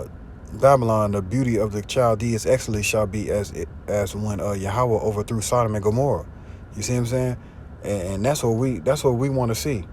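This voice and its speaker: Guy preaching off his phone, slangy, cussing, faint hum behind. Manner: casual slangy talk, swearing, keeps asking "you see what I'm saying"; louder and higher when reading scripture aloud. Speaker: street preacher. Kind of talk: informal preaching and scripture reading. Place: in a car.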